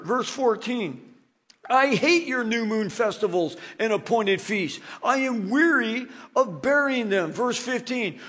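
Male preacher, high husky voice, dramatic sermon delivery with animated asides.

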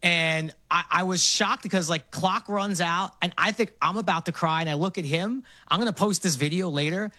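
A middle-aged man from Brooklyn, telling animated stories as a guest in a casual interview. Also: high voice, no echo. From Brooklyn, New York. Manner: animated storytelling, quick laughs.

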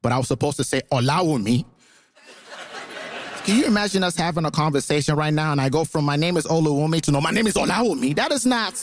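A man's voice: sits high, slight background noise. A man from Canada with a Canadian accent, giving a comedic debate speech on stage in a chatty, self-mocking way. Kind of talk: stand-up style debate speech. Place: theatre stage before a live audience.

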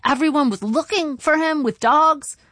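A woman's voice: sits high, a bit bright, no room sound, studio quality, voice pushed up. A woman voicing her confused elderly father, who halts and gropes for words. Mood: puzzled. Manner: halting, groping for words.

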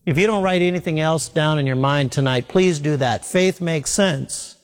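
A man's voice: fairly high pitch, normal speed. Earnest preacher man in a reverberant hall. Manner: earnest, repeats key phrases for emphasis. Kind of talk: sermon.

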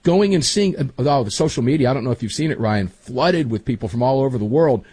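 Chatty middle-aged man, husky and lively. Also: medium pitch, fast talker, no room sound. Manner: chatty, rambling, emphatic. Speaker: podcast host. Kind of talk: casual chat.

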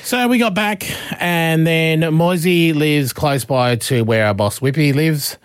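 A man's voice: unhurried, clean tone, no room sound. An Australian man co-hosting a radio show, telling a story in casual chat. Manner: animated storyteller, jumps high to act out shouted quotes. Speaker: radio co-host.

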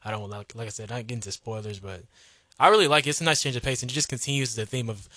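Quick, bright-voiced male co-host. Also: medium pitch, steady tone, dry recording. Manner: enthusiastic, filler-laden. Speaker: radio co-host. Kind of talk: casual radio talk.

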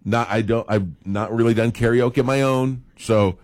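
A man's voice: mid-range voice, dry recording. A man co-hosting a radio show, chatting casually and agreeing often with his co-host. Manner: agreeable, lots of quick affirmations, animated.

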